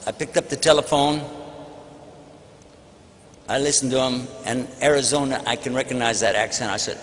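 A man's voice: mid-range voice, steady tone, normal speed. A man from Texas with a Texan accent, giving a folksy, humorous storytelling talk to an audience and acting out conversations. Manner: folksy, humorous, acts out phone calls. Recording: hall reverb with faint background noise.

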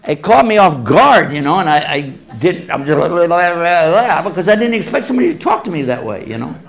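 A man's voice: on the high side, brisk, gravelly. A man speaking as an Islamic lecturer in a public talk, answering audience questions by telling stories with humor and acting out quoted voices. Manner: animated storyteller who acts out quoted voices with humor.

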